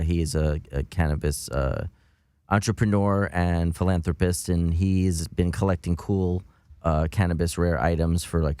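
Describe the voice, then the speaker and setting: A man with a very low, deep voice chats as a podcast guest, stopping often to fill gaps with ums and uhs. The sound is close and dry with no room around it. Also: darkish tone, clean tone, no room sound. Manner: halting, many ums and uhs. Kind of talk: casual podcast chat.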